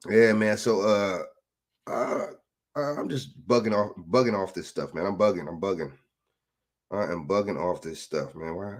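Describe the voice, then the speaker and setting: A man, ranting casually into a phone, rambling and profane with repeated rhetorical questions. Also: lowish voice. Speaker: commentator. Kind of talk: casual political rant.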